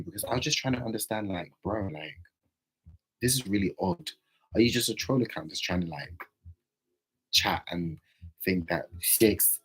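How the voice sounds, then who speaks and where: A man chatting casually on a livestream, playful, with sudden loud outbursts. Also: fairly low pitch, expressive, normal speed, long pauses, husky, poor audio.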